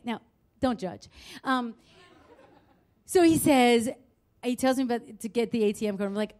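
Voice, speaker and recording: A woman telling a true story at a live show, expressive and quick to swear and laugh at herself. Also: a little high. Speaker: storyteller on stage.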